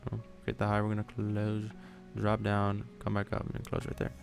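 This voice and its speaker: A man hosts a live stream in a casual, rambling way, joking and thinking aloud as he works. His voice sits fairly low with a gravelly edge. Faint music plays quietly behind him. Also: completely flat delivery, normal speed. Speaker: livestream trading host.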